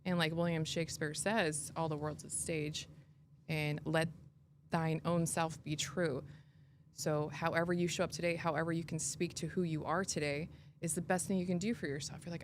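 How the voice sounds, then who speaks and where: A woman's voice: deep voice, flat delivery, normal speed, a little hiss or hum. A woman hosting a podcast, talking in an earnest, reflective way and often restarting her sentences. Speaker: podcast host. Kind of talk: casual conversational interview.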